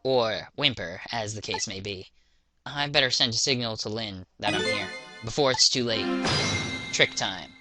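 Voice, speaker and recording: A woman voicing a dry, wry male ghost in a deadpan, low voice during a let's play. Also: normal speed. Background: game music.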